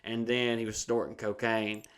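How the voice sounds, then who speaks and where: A man's voice: on the low side, little pitch movement, moderate pace, clear, resonant tone. A man, co-hosting a crude casual chat, profane and storytelling with a lot of laughter. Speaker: podcast co-host.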